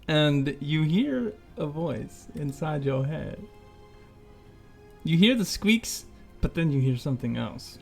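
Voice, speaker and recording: A man's voice: fairly high pitch, lively intonation, takes it slowly, creaky, faint music behind. A man narrating as game master, describing scenes and prompting players casually.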